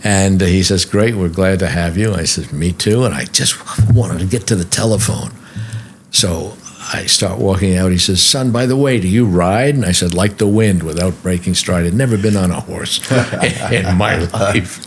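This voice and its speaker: A low, gravelly older man spins stories as a podcast guest, slipping into the voices of the people he quotes. A faint hiss sits under his voice. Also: moderate pace. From New York. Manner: lively storyteller who acts out the people he quotes. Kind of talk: storytelling anecdotes. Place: podcast studio.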